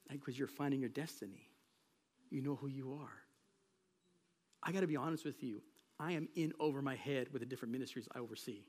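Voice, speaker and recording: A man preaching a sermon as pastor of a church, talking in a relaxed, conversational way and telling stories from everyday life. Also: on the high side, fast. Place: church sanctuary. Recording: long reverb of a large hall.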